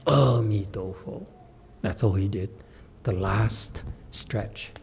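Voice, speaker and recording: Animated male dharma teacher. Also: lowish voice, takes it slowly, a little hiss or hum. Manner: animated storyteller, laughs often, acts out the voices. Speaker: Chan meditation teacher. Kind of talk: dharma talk with storytelling.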